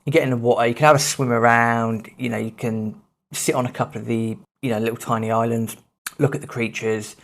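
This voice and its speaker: Thirties male podcast host, casual anecdotal delivery, self-deprecating and animated. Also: mid-range voice, a little fast, creaky. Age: 30s. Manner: animated, self-mocking anecdote telling with swearing. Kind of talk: casual storytelling.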